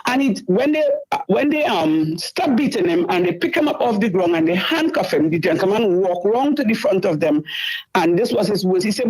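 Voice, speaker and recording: A woman's voice: mid-range voice, lively intonation, normal speed, a little mellow, low-quality recording. A middle-aged woman, telling a distressing story in a talk show and repeating herself as she goes. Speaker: caller. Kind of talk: emotional storytelling.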